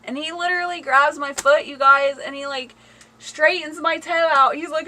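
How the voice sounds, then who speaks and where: A woman's voice: sits high, unhurried, pushed and bright, slight background noise, rough recording. A woman chatting casually on a home livestream, laughing and reading viewer comments aloud. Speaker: livestream host. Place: home, indoors. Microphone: phone camera.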